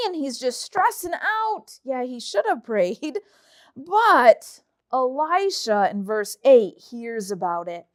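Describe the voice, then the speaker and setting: A high-voiced woman teaches a children's Bible lesson. She reads scripture aloud and retells it in lively, casual storytelling. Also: slow.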